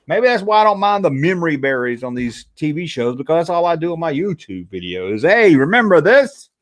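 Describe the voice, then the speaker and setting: A man's voice: on the high side, a little fast. A man hosting a casual livestream, reading chat and joking around, yawning now and then. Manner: chatty, joking, animated retellings. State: sleepy, yawning. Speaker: YouTube host reading live chat.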